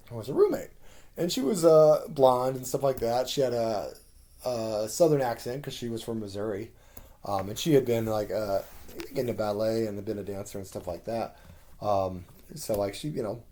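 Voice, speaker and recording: Young man, casual storyteller, rambling and animated, swears easily. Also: mid-range voice. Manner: rambling, many ums and laughs, swears casually. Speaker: vlogger.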